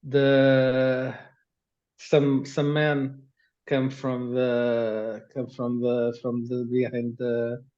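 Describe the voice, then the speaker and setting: A man running a tabletop game as game master, narrating haltingly with many restarts. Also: mid-range voice, completely flat delivery, a little mellow, muffled recording.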